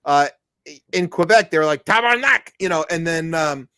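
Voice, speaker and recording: A man's voice: on the high side, steady tone, moderate pace, a bit bright, clean tone. A man co-hosting a comedic news podcast, rambling and joking with lots of restarts and mock quotes. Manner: rambling, jokey, many restarts and put-on quotes. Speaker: podcast co-host.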